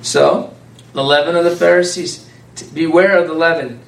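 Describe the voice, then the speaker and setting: Male preacher, a bit high-voiced, animated and conversational, recorded from afar in a roomy hall with faint background hiss. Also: moderate pace, creaky. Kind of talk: sermon. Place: church hall with a congregation. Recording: echoey room, speaker far from mic, faint background noise.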